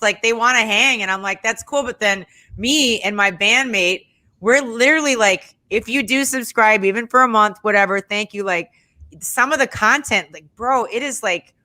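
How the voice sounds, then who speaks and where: Bright-voiced, blunt woman podcast guest. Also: a little high. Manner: blunt, profane storyteller who acts out quoted voices. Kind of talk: casual podcast chat.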